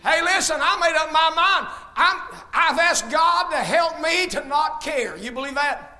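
Fiery high-voiced shouting preacher man. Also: animated, a little slow. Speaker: pastor. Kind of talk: sermon.

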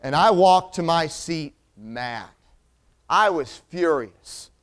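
A man telling a personal story as a sermon illustration, animated and acting out the people in it. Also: a little high, slow pace, clean tone.

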